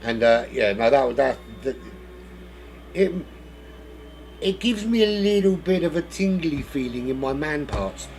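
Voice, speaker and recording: A man commentating a sim race live in a gravelly voice. His pitch leaps and dips as he rambles from one joke to the next and keeps cutting himself off. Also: lively intonation, a little slow, long pauses, a little mellow, soft background music. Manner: rambling, jokey, self-interrupting. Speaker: race commentator and lobby host.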